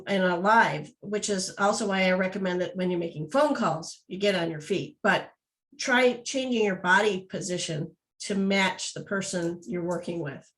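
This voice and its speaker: A woman speaking up in a training class, voice at a middle pitch. She explains her own approach in a calm, reflective way. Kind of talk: classroom discussion.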